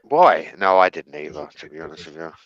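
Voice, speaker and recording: A man's voice: rumbling low, expressive, fairly quick, a bit bright, dull audio. A man with an English accent in a casual online group chat, joking and swearing often. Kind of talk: casual banter.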